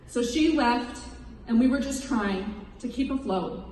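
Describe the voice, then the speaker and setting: A woman in her thirties speaks with a somewhat high voice, giving an earnest, emotional account to an audience. She sounds distant from the mic, her words ringing through a big echoey hall with a long reverb tail and a faint hiss underneath. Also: measured pace, darkish tone. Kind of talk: personal testimony speech.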